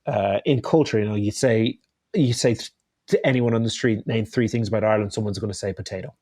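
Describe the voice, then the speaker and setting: A man's voice: on the low side, fairly quick, a little mellow, dry recording, studio quality. A man speaking as a chef guest in a casual interview, hesitant and often restarting his phrases.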